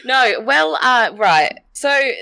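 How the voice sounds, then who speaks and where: A woman's voice: sits high, sing-song, takes it slowly, vocal fry, sharp tone, no room sound. A woman in her thirties from Australia, with a mixed Australian, English and Canadian accent, chatting casually on a podcast with lots of fillers and laughs. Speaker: podcast co-host.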